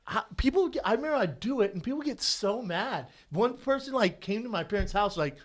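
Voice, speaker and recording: A man's voice: sits high, fairly quick, few pauses. A man co-hosting a podcast, teasing his partner in casual chat. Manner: teasing, animated banter. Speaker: podcast co-host.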